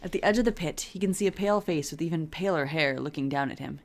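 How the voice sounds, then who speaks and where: Deep-voiced female co-host, playful, reads fanfic and interjects corrections. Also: fast talker. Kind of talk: casual comedic reading.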